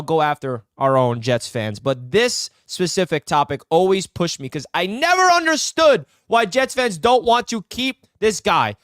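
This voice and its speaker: A man's voice: sits high, fairly bright tone, clean tone, no room sound, studio quality. A young man hosting a live sports talk stream, fired up and emphatic as he banters with fans. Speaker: sports channel host.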